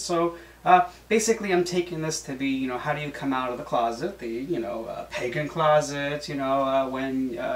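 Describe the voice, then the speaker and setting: A man's voice: medium pitch, slight background noise. A man hosting as substitute, talking casually about his religion with many fillers and restarts. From Greek heritage. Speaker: substitute host. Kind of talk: casual solo talk. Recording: echoey room, mic at a distance.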